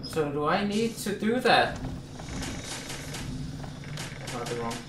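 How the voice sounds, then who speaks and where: A man's voice: a little high, sing-song, slow pace, echoey room, recorded from a distance, background noise. A man commenting on a VR game as he plays, talking to himself and yelping when he gets frustrated. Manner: frustrated, talks to himself, yelps. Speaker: gamer. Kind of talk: let's play commentary.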